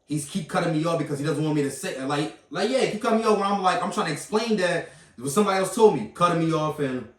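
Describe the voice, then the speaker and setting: A man's voice: a little high, lively intonation, fast talker. A man vlogger retelling a confrontation in a heated, casual way, repeating points for emphasis. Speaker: vlogger recounting an incident. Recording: echoey room, mic at a distance.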